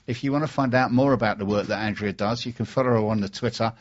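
A man with a slightly husky voice hosts a casual radio talk show, chatty and jokey. The recording is a bit dull and lo-fi. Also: mid-range voice, fast. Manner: chatty, jokey, interviewing guests.

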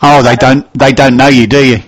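A man hosting a live business radio show, trading quick teasing banter with his co-host. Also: medium pitch, flat delivery. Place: radio studio.

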